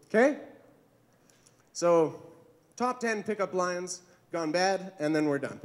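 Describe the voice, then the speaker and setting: A man's voice: sits high, animated, slow pace. A man doing a stand-up comedy set on a club stage, with awkward, self-deprecating jokes that he chuckles at himself.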